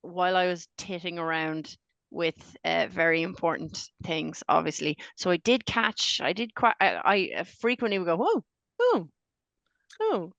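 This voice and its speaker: A woman's voice: on the low side, moderate pace, creaky, fairly bright tone, no echo. An Australian woman co-hosting a podcast in casual chat, joking and teasing herself and her friends. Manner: joking, teasing, self-mocking. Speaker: podcast co-host.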